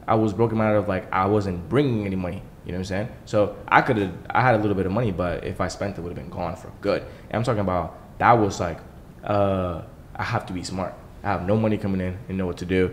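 Fast-talking young man, casual and profane. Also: fairly low pitch, slight background noise. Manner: fast, profane, animated storytelling. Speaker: podcast guest, entrepreneur. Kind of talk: casual storytelling.

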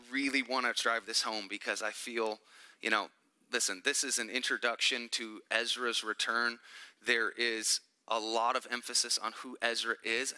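A man preaching a sermon as a pastor, animated and emphatic, with joking asides to the congregation. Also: medium pitch.

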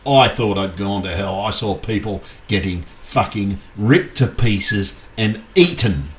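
A man's voice: lowish voice, animated, measured pace. A man angrily ranting to his viewers, swearing constantly and agitated. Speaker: YouTuber. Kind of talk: angry rant to camera. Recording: echoey room.

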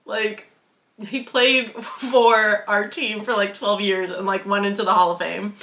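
A woman's voice: mid-range voice, flat delivery, unhurried, pushed and bright, reverberant. A young woman from Wisconsin telling a story to her vlog, bubbly and giggly, full of "like" and acted-out quotes. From Wisconsin, USA. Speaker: vlogger. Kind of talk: casual storytelling.

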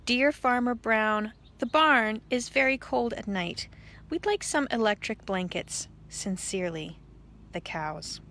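A woman voicing a group of polite but stubborn barnyard cows, reading their typed notes in a measured, formal way. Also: a little high, animated, a bit bright.

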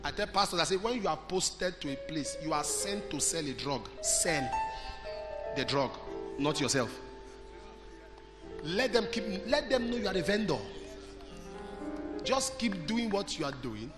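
A man with a Nigerian accent preaching a sermon, moving between loud, shouted lines and quiet storytelling and often asking his listeners questions. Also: high voice, animated, a little slow, pauses often. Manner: swings from shouting to soft storytelling, asks the crowd questions. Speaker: pastor. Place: church hall. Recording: large hall with reverb and music behind.

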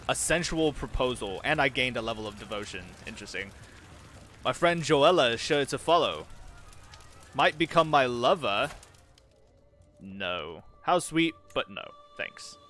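Gaming host, male, bright and punchy tone, casual let's-play chatter over light background music. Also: medium pitch. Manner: casual, chatty, mutters reactions to the game. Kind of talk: let's-play commentary, reading in-game events aloud.

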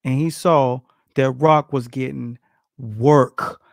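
A man's voice: medium pitch, fairly even intonation, slow pace, creaky, no room sound, clean studio sound. A middle-aged man, a boxing coach, tells stories in a casual interview, acting out quotes and laughing often.

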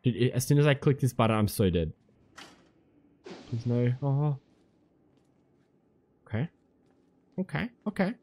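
A man narrating his way through a horror game, his pitch leaping all over as he yelps, curses and talks back at the creatures chasing him. His voice sits at an ordinary middle height between the outbursts. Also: sing-song, measured pace, long pauses, mellow. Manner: jumpy, swearing, talks to the game's enemies. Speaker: gaming commentator.

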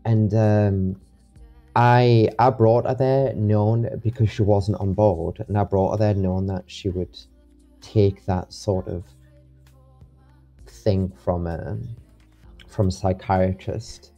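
A man's voice: lowish voice, fairly even intonation, slow, dark tone, dull audio, faint music behind. A young man, rambling with many restarts as an interview guest. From England. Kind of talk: casual interview.

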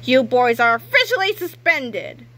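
Woman playing a gloating shouty principal. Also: high voice, very animated, unhurried, exaggerated voice, rough recording. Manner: yelling, gleeful and harsh. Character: gloating bossy male school principal.

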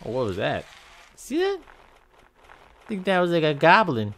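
A man giving casual let's-play commentary, excitable and reacting to the game with goofy exclamations and yelps. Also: a little high, unhurried, a little hiss or hum. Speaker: gaming video host.

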